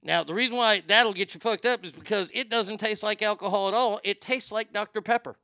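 Male host, profane rambling comic rant, tense bright voice, dry close sound. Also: sits high, brisk, clear, resonant tone, no room sound. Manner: crude, rambling, stammers and repeats words. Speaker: show host.

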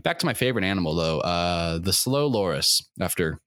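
A man's voice: low voice, animated, brisk, fairly bright tone, no echo. A young man hosting a comedic rant, rambling with many fillers, crude and profane, getting worked up as he goes. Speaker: podcast host.

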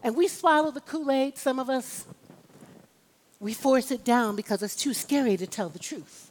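A woman with a high, bright voice preaches a sermon at a normal speed, her words echoing with the long reverb of a large church sanctuary. She builds her points in emphatic, rhythmic waves and asks the congregation for amens.

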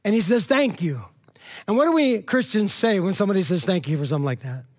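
Animated male preacher telling a story. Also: racing. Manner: animated, acts out dialogue with swings in pitch and loudness; conversational, frequent "all right?" and "you know what I mean?". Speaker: pastor. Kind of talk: storytelling sermon.

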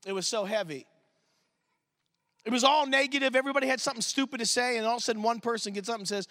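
A man preaching a sermon at a church service, telling stories in an animated, emphatic way as a youth pastor. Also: extremely high pitch, fast. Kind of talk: sermon storytelling.

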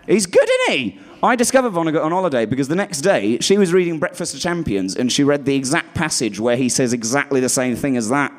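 A man doing a stand-up routine on stage, rambling and self-deprecating, often dropping into low muttered asides. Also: expressive, quick pace, hardly any pauses. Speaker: stand-up comedian.

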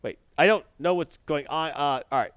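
A man's voice: a little high, moderate pace, fairly bright tone, clear, resonant tone, no room sound, muffled recording, lightly acted. A man voicing a confused young male superhero, stammering in bewilderment. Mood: flustered.

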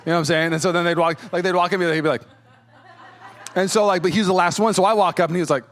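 In a high, rapid-fire voice, a man pastors his congregation through a personal story, performing each quote in a new voice. He chuckles frequently while he talks.

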